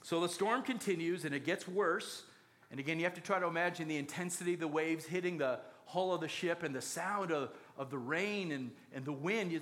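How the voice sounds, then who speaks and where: Guy with a high voice preaching, joking around and acting out the story. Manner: jokey, animated storytelling with acted quotes. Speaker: pastor. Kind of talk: sermon.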